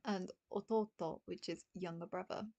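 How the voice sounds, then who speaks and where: A woman's voice: fairly low pitch, fairly even intonation, moderate pace, warm tone, no echo. A young woman teaching a beginner's language lesson in a casual, chatty way, explaining words step by step and laughing often. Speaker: Japanese teacher.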